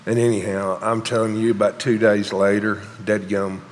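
Choked-up pastor, hall reverb. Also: male voice, lowish voice, level tone. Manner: halting, choked up, sighing. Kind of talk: emotional sermon announcements. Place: large church sanctuary.

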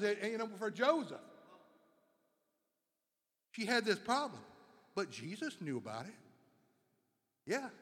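High-voiced fervent preacher, echoing. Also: male voice, fairly bright tone. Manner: fervent, repetitive, rising emphasis. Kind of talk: sermon.

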